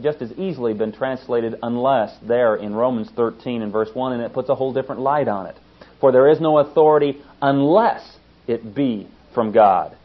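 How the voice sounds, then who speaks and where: A man giving an earnest, emphatic sermon-style Bible teaching, stressing points as he works through a verse. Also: on the low side. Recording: dull lo-fi recording.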